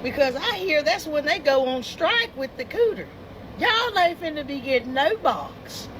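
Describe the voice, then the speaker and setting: A woman's voice: high-pitched, sing-song, normal speed, a bit bright, slight background noise, rough recording. A woman giving teasing, slangy, comedic commentary.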